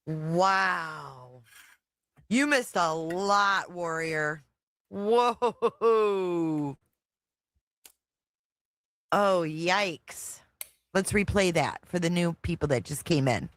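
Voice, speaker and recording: A woman's voice: lowish voice, animated, drawn-out words, long pauses, fairly bright tone, dry recording. A woman hosting a casual reaction stream, blunt, profane and exasperated as she comments. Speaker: livestream commentary host.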